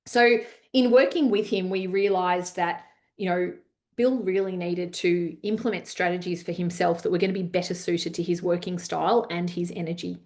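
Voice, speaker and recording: A woman's voice: on the low side, normal speed. A woman, presenting a leadership masterclass and chatting her way through anecdotes with lots of fillers. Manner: chatty, many fillers, animated retelling. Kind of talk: webinar talk with anecdotes.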